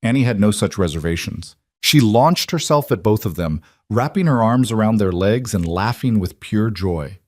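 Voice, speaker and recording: Low-voiced man narrating a western romance. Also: lively intonation, normal speed, hardly any pauses, dry recording. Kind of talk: scripted storybook narration.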